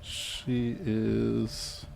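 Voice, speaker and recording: A man narrating a tabletop game as game master, relaxed and halting, with many fillers. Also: on the low side, gravelly.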